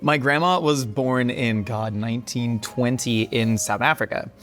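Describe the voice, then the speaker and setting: A man's voice: mid-range voice, unhurried, fairly bright tone. Jokey man hosting a food show. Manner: jokey, upbeat presenter. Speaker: host.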